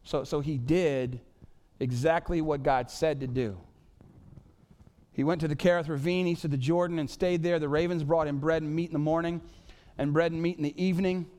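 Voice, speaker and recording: A man's voice: fairly high pitch, normal speed. A man preaching a casual, joking sermon full of "y'all" and "like". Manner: animated, joking, says "y'all" and "like" a lot. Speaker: pastor.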